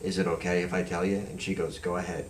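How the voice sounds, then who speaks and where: A man's voice: sits low, fast talker. A man, a psychic hosting a talk show, telling stories casually and acting out the voices in them. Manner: animated, acts out the voices in his stories. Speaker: host and psychic medium. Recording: echoey room, far from the mic, faint noise.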